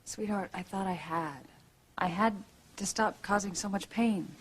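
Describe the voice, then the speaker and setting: An actress playing a remorseful middle-aged mother and grandmother in a soap opera, gentle and pleading. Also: medium pitch, a little slow, breathy edge. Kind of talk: daytime soap opera acting.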